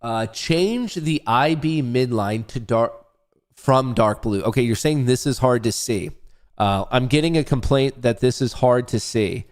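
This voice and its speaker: A man's voice: medium pitch, measured pace, a little mellow. A young man hosting a live day-trading stream, chatting loosely to his audience with jokes and swearing. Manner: loose, joking, swears, talks to chat. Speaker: livestream day-trading host. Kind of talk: casual live trading commentary.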